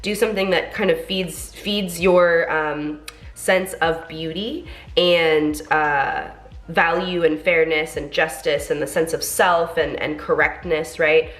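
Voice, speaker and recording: A woman's voice: deep voice, steady tone, slow pace, a bit bright. A young woman with a congested voice, reading tarot cards in a chatty, encouraging way full of fillers. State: congested from a cold. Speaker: tarot reader.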